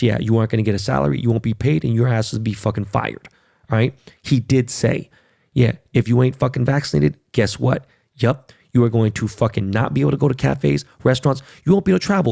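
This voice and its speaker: Gravelly man ranting on a podcast. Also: medium pitch, mellow, no echo, clean studio sound. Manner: profane, emphatic, ranting. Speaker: podcast host. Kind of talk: casual monologue.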